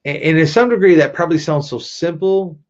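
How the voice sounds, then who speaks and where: A man's voice: fairly high pitch, brisk, a little mellow, muffled recording. A man presenting a workplace training webinar in a conversational way, often checking in with "right?" and adding sarcastic asides.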